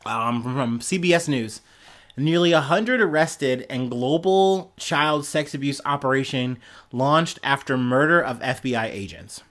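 A man's voice: medium pitch, lively intonation, a little slow, a bit bright. A young man hosting a podcast, giving casual, profane, sarcastic news commentary and often laughing. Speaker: podcast host.

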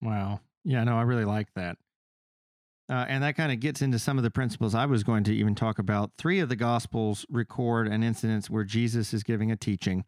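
Animated male podcast co-host. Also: medium pitch, no echo, studio quality. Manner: animated, acts out quoted speakers in his retelling. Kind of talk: casual faith discussion.

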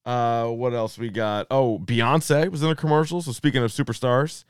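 A man's voice: mid-range voice, fairly even intonation, moderate pace, clean tone, no echo, studio quality. A man in his thirties co-hosting a podcast in casual chat, laughing often and swearing freely. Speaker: podcast co-host.

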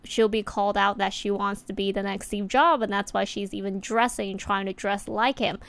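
Woman rambling thoughtfully to camera, lots of likes, mid pitch, crisp voice. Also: a bit bright, dry recording. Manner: reflective, chatty, many filler words. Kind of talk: casual talking-to-camera monologue.

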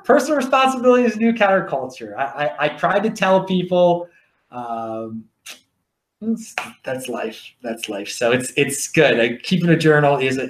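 A man's voice: medium pitch, roomy sound. A man with a Baltimore accent hosting a podcast, telling stories in a rambling, jokey way with many restarts. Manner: animated, repetitive restarts, jokey asides. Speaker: podcast host. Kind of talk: casual rambling monologue.

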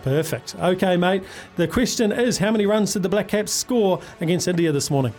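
A man's voice: high voice, fairly quick, darkish tone, faint music behind. A man hosting a radio sports quiz, chummy and upbeat, calling callers mate. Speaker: radio sports show host.

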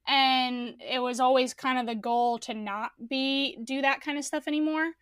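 A woman co-hosting a casual podcast chat, relaxed and full of fillers. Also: high-pitched, moderate pace, clean tone, dry recording, clean studio sound.

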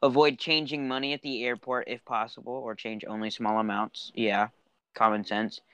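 A man's voice: mid-range voice, level tone, normal speed, bright, forceful tone, clear, resonant tone, no room sound. A man co-hosting a podcast in casual chat, reading bits of an article aloud with dry asides. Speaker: podcast co-host.

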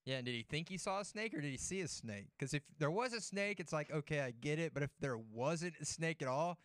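A man co-hosting a sports talk show, his voice smooth and a touch high, recorded dry and close. He tells rambling, loose stories and peppers them with "like". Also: lively intonation, a little fast, fairly bright tone, no room sound. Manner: rambling storyteller, heavy use of "like". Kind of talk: casual chat.

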